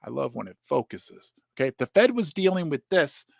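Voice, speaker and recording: A middle-aged man hosting a casual livestream about precious metals, animated and rambling, talking straight to his viewers. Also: a little high, a little fast, vocal fry, no room sound, clean studio sound. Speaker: host of a precious metals channel.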